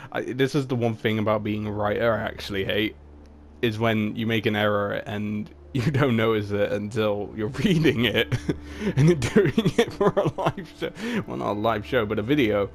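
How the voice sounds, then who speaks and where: A man's voice: on the low side, fairly even intonation, normal speed. A young man reading his own comedic fan fiction aloud, with crude, swearing, self-mocking asides. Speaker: fan-fiction writer and reader.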